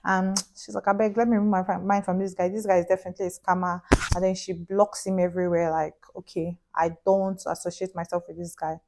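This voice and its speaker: A young woman, telling a story on her vlog in a chatty, animated way, with pidgin phrases. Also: on the low side, fast, vocal fry. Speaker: vlogger.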